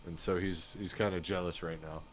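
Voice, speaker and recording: A man's voice: sits low, fairly even intonation, a little fast, slight background noise. A man chatting casually on a live flight sim stream, rambling and laid-back, often saying "dude" and "you know what I mean.".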